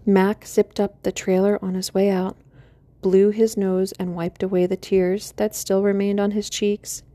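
A woman calmly narrating an audiobook in a measured storytelling manner. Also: medium pitch. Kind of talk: scripted narration.

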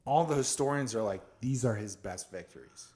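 A man's voice: medium pitch, a little fast. A man co-hosting a casual podcast, retelling history with acted-out quotes and plenty of swearing. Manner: animated storyteller, acts out what people said, swears a lot. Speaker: podcast co-host. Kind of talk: casual storytelling chat.

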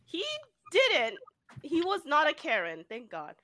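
A young woman chatting casually with friends, telling a work story with animated, swearing delivery. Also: high-pitched, measured pace, heavy background noise. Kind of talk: casual chat.

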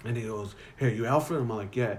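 A young man, telling a profane, animated story as a podcast co-host. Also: mid-range voice, brisk. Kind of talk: casual storytelling.

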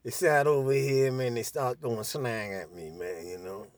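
An older man telling a profane story in casual chat, animated and laughing as he goes. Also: medium pitch, moderate pace.

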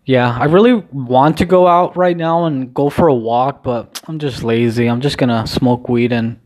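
A young man speaks in a mid-range voice as he paces indoors, filming a casual daily vlog. He rambles and hesitates, drops in the odd swear word, and sounds low-key and somewhat downcast. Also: moderate pace, a little mellow. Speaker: vlogger. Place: indoors at home, pacing back and forth.

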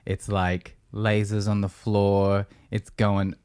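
Joking podcast host. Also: male voice, lowish voice, flat delivery, takes it slowly, darkish tone, clean tone, dry recording, clean studio sound. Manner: joking, playful, goofy phrasing. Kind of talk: casual chat.

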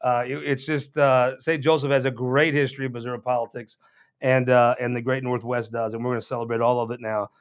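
A man's voice: medium pitch, level tone, a little fast, dull audio. A man hosting a political show, giving a casual, rambling and folksy announcement with many restarts.

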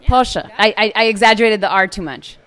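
A woman's voice: mid-range voice, fast talker, pushed and bright. Playful, curious woman hosting a video. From United States. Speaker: video host. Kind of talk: casual chat. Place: busy conference venue.

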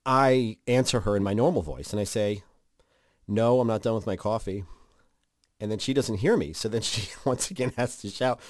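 A man co-hosting a casual chat podcast, animated and acting out quoted lines. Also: normal speed, no room sound, clean studio sound. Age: adult. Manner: animated, acts out quotes with big pitch jumps. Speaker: podcast co-host.

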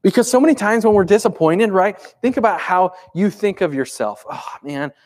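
A man's voice: high voice, lively intonation, brisk, darkish tone. A man in his thirties preaching a sermon in a conversational way, asking the congregation rhetorical questions. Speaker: pastor.

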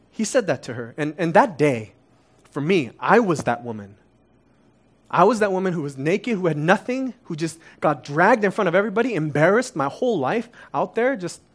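A young adult man preaching a sermon, earnest and confessional, dropping soft and then rising to emphatic peaks. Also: fairly high pitch.

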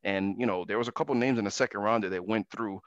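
A man's voice: lowish voice, fast, smooth, dry recording, lo-fi sound. A man hosting a sports talk radio show, talking emphatically and ranting about basketball.

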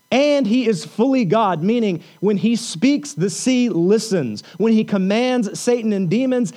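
A man's voice: high-pitched, darkish tone. A man preaching a sermon as pastor, earnest and repetitive, reading scripture and building to emphatic points. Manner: earnest preaching with repeated phrases.

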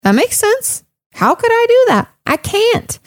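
A woman therapist talks through listener questions in a relaxed, chatty way. She fills her speech with "like" and "um" and repeats key points to drive them home. The recording is dry, with no room echo. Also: very high-pitched, unhurried. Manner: conversational, frequent "like" and "um", emphatic repetition. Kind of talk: casual advice talk.

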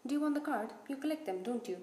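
A woman's voice: high-pitched, lively intonation, fast, a little mellow, roomy sound, a little hiss or hum. A woman voicing a timid teenage boy who mumbles shakily. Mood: shaken. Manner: shaky, mumbling, choked.

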